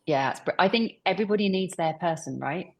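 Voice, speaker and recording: Woman panel host, low husky gravelly voice, encouraging, thinks aloud. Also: animated, a little fast. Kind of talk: panel discussion.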